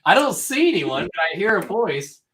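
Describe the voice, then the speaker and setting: A man's voice: high-pitched, sing-song, normal speed, a bit bright. A man co-hosting a casual live stream, chatty and rambling. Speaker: co-host of a reseller live show.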